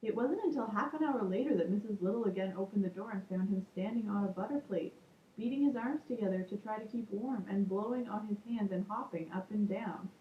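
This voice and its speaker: A woman reading a children's book aloud calmly, adding casual asides. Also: mid-range voice, a little fast, slight background noise. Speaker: storybook reader. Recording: echoey room, muffled lo-fi sound.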